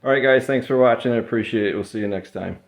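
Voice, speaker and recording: A man's voice: mid-range voice, quick pace. A man from the Midwest vlogging about his eBay reselling in a casual, rambling way, tired and sweating in an insulated garage. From American Midwest. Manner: relaxed, rambling, chatty with fillers. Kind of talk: casual vlog talk.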